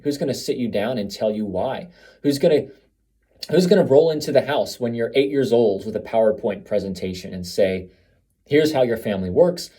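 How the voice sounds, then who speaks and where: A man's voice: mid-range voice, mellow, breathy edge. A man giving a reflective, conversational monologue to camera, asking many rhetorical questions. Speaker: video speaker on family dynamics.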